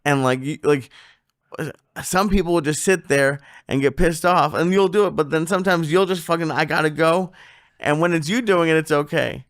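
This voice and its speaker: A man's voice: a little high, normal speed, no room sound, clean studio sound. A young man co-hosting a podcast, chatting casually and teasing with laughs. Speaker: podcast co-host. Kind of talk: casual chat.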